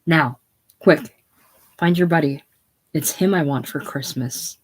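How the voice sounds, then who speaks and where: A reader voicing an anxious, secretive middle-aged woman in a casual play reading, halting and breaking off mid-sentence. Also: mid-range voice, slightly rough, rough recording. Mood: fretful.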